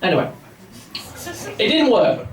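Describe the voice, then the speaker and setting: A man's voice: sits high, very animated, unhurried, recorded from a distance. A young man in his twenties from England doing a rambling, self-mocking stand-up set and bantering with the crowd. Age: 20s. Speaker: stand-up comedian. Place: pub function room with a live audience. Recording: echoey pub room recorded from afar. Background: audience laughter and chatter.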